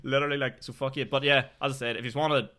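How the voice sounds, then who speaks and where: Quick, bright-voiced Northern Irish man. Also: medium pitch, steady tone. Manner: chatty, swears freely. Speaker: podcast host. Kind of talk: casual chat.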